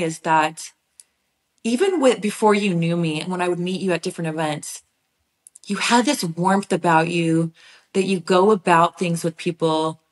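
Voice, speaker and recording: A woman as a podcast guest, telling a personal story in an animated, heartfelt way, sometimes speeding up in quick bursts. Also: lowish voice.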